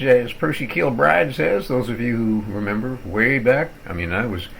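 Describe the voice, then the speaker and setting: An older man rambling through a wry, theatrical rant about his internet service while clicking around his computer at home, sounding worn out and low on energy. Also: moderate pace, gravelly, a bit bright, a little hiss or hum, poor audio. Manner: digressive, wry, with theatrical asides. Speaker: vlogger ranting about his internet provider. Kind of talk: rambling screen-recorded rant.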